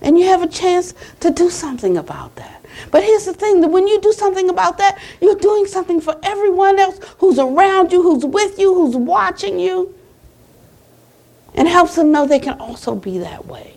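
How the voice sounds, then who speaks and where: An American woman Buddhist teacher giving a conversational dharma talk at a retreat center, retelling conversations and closing with a soft blessing. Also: very high voice, lively intonation, normal speed, gravelly.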